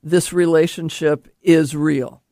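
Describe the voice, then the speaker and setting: A man's voice: fairly high pitch, steady tone, takes it slowly, mellow, no room sound, studio quality. A man hosting a casual chat, talking in a rambling way with many ums and restarts. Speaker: host.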